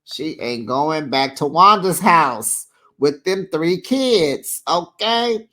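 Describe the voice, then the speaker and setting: A host recapping a reality show in a casual, chatty way, with playful shade and lively asides. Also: medium pitch, slow pace. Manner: animated, chatty, playfully shady.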